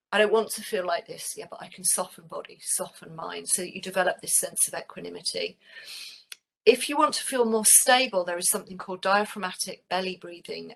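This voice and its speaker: A woman teaching mindfulness in a webinar, talking calmly and gently and dropping into quiet, soft asides. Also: mid-range voice. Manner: calm, gentle and unhurried, softening into quiet asides.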